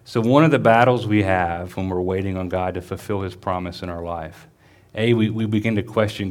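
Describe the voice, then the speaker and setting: A man preaching a sermon in a church as the pastor, reading scripture slowly and then explaining it in a conversational way. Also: sits low, a little mellow.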